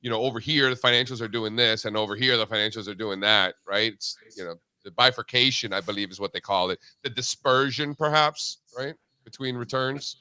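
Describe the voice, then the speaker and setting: Bright, dry-voiced chatty male host. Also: medium pitch, brisk, few pauses, smooth, no echo. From Cuban background. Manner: chatty, joking, many fillers. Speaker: show host. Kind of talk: casual market talk show chat.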